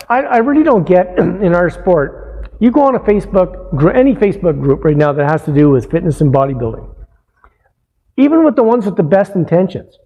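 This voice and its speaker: A man who coaches fitness, ranting bluntly and angrily, swearing often and breaking off to restart his sentences. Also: high-pitched. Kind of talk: ranting monologue. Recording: dull roomy sound with long reverb.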